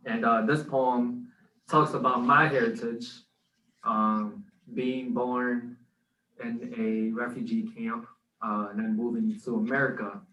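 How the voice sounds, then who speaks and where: A podcast co-host and spoken word poet recites his own poem earnestly and rhythmically, far from the mic in an echoey room. His medium-pitched voice is slow and bright with a forceful tone and little pitch movement.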